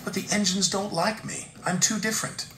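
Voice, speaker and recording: A man voicing a shy, gentle young crane engine who speaks politely and timidly, in a storybook reading. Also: high-pitched, steady tone, fairly quick, a little hiss or hum, pitched above the performer's own voice. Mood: sad. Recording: roomy room with background music.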